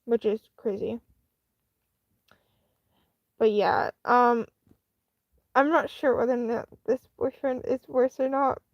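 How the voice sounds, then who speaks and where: A woman's voice: a little high, slow, long pauses, no echo, lo-fi sound. A woman hosting a live stream, casually telling a personal story in a rambling, candid way with many fillers and restarts. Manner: chatty and candid.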